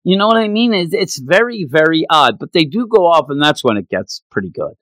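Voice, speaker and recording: A man in casual chat recaps a show with big swings of pitch, jumping into characters' lines with quick put-on voices. His voice sits a bit high for a man and is recorded close and dry. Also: very animated, a bit bright, no echo. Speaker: podcast co-host recapping an anime episode.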